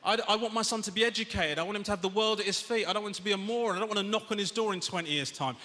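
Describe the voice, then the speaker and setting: Exasperated comedian in a big theatre. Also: male voice, high voice, rapid-fire. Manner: exasperated ranting, rising to shouts. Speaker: stand-up comedian. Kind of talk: stand-up comedy routine. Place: large theatre stage. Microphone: stage microphone. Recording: echoey theatre, long reverb, audience noise.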